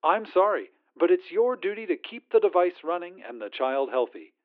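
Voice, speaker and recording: Man voicing a syrupy corporate phone agent over a tinny phone line, lilting and bright-pitched. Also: big pitch swings, moderate pace. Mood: sweetly insistent. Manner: syrupy customer-service politeness. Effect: phone filter.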